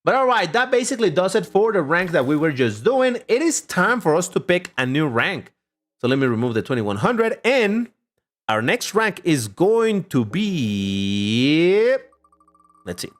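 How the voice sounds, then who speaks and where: Man, high voice, very animated pitch, rambling live-stream host, casual chat, answers viewers aloud. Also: a little fast. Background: faint background music.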